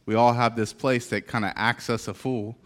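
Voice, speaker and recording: A man preaching to his congregation in a lively, energetic way. His voice is middle in pitch and spirited. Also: normal speed. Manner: lively, calling out cheers. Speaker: pastor. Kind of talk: sermon.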